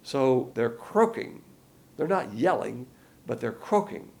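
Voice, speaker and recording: A man's voice: medium pitch, very animated, slow pace, vocal fry, darkish tone. A man giving a folksy, rambling verse-by-verse Bible lesson, with many fillers along the way. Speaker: Bible teacher.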